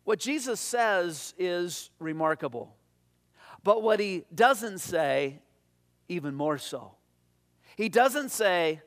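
A man with a rather high voice preaches to his congregation. He tells stories and reads scripture aloud, dropping softer and slower whenever he quotes someone. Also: animated. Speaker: pastor. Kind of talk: sermon.

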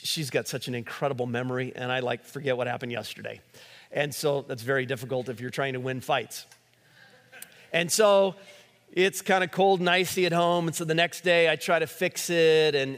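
Brief: male pastor, slightly high voice, chatty sermon delivery, long hall echo. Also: a bit bright. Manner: conversational preaching with many fillers and restarts.

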